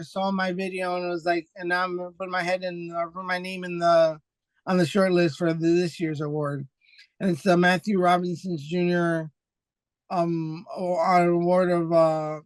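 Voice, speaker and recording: Excitable high-voiced man telling stories. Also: no room sound. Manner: animated storyteller, acts out quoted voices; quick and excitable, restarts often. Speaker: podcast guest, foundation founder. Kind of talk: casual interview chat.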